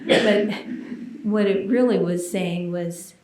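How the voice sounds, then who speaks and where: A woman preaches at an unhurried pace, telling a personal testimony in an earnest, intimate way. Her voice sits at a middle pitch and now and then drops to a hushed near-whisper. The sound is roomy and echoey, as in a church sanctuary. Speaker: minister giving a sermon.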